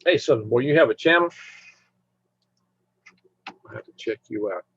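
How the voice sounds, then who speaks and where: A man hosts a casual live stream and rambles along as he chats with his viewers, humming to himself now and then. His voice is husky and swings lively up and down. The sound is dry and dull, like a lo-fi mic. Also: mid-range voice, normal speed, no room sound. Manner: rambling, chatty, hums to himself while browsing.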